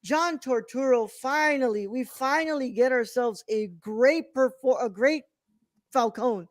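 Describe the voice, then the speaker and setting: A woman with a higher-pitched voice talks through a movie in loose podcast chat. She rambles, restarts her sentences and gushes about what she loved. The sound is close and dry. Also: a little slow, dry recording. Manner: rambling, many restarts, enthusiastic. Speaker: podcast co-host. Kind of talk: casual film review chat.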